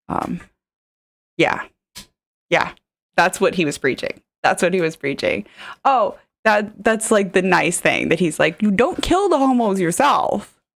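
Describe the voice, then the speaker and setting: Woman streamer rambling over a video, lowish gravelly voice, lots of ums. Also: no room sound. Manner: rambling, many fillers and laughs, reads chat aloud. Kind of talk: casual live-stream commentary.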